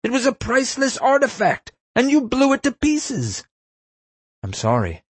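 A shrill, shrieking pompous principal in a storybook reading, piercingly high. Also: male voice, huge pitch swings, normal speed, husky, dry recording, exaggerated voice. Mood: enraged. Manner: shrill, screeching outbursts. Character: shrieking enraged pompous middle-aged school principal.

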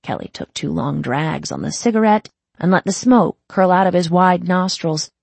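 An audiobook narrator giving a dramatic, lively scripted reading of a story. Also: medium pitch, normal speed, creaky, husky, no echo.

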